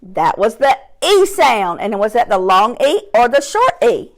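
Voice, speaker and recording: A woman teaching a phonics lesson to young children, stretching out sounds and words slowly and clearly while seated at her desk. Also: fairly high pitch, very animated. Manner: slow, drawn-out sounds, emphatic. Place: classroom or home desk, seated in chair.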